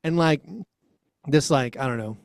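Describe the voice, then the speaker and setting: A man co-hosting a sports podcast, talking casually and telling a rambling, animated story as a parent of a young child. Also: mid-range voice, measured pace, clean tone, dry recording, clean studio sound. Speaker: podcast co-host.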